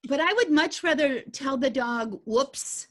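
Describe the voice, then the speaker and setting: A woman teaching a dog agility study group in a folksy, animated, conversational way. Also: sits high, moderate pace. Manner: folksy and animated, with homey grammar.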